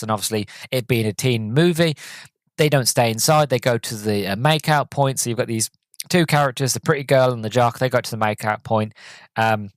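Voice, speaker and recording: Casting: chatty male podcaster, rambly and excited, mid-pitched voice, dry close mic. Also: brisk, no room sound. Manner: rambling, enthusiastic, many fillers. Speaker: podcast host. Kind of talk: casual movie recap.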